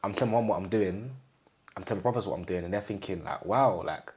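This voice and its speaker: A young man from England in an interview, telling his own story in a casual, halting way and often acting out what his family said. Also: low-pitched, darkish tone. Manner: halting, repeats phrases, acts out quoted family speech.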